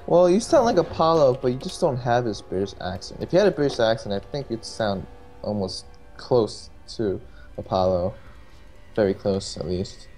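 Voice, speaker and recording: A man's voice: medium pitch, normal speed. A man co-casting a live strategy game match. He analyzes in a loose, rambling manner, circling back on his words. Faint music plays underneath his voice. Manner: relaxed, rambling analysis with restarts. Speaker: co-caster.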